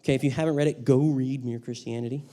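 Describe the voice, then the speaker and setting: A man's voice: mid-range voice, fairly even intonation, fast talker, dark tone. A man teaching a university class, lecturing and reading quotations aloud, asking his students questions as he goes. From Texas. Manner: reads quotes aloud, asks the class questions. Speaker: university instructor.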